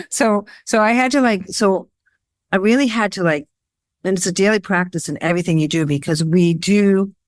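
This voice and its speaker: A woman photographer being interviewed, talking in a rambling, animated storytelling way with lots of fillers. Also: lowish voice, no room sound, clean studio sound. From Worcester, Massachusetts area. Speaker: guest, photographer. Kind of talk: casual interview chat.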